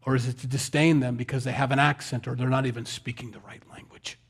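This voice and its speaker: A man's voice: medium pitch, little pitch movement, fast, slightly rough. Male pastor, easygoing folksy sermon delivery, medium voice. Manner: conversational, folksy, self-deprecating asides.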